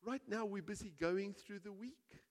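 A man preaching a sermon as pastor, telling a story with big swings between hushed and loud delivery. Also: high-pitched, a little slow. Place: church hall. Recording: reverberant church hall.

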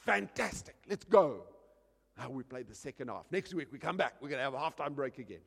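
A man preaching a sermon as pastor, animated, dropping quiet and then shouting, acting out little scenes. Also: mid-range voice, rapid-fire, breathy edge, long reverb tail.

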